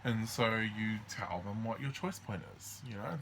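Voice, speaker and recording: A man's voice: fairly low pitch, fairly bright tone, slight background noise. A man hosting a casual astrology walkthrough, rambling and hesitant with many ums and restarts. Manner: acts out the signs in quick quoted voices. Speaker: astrology host.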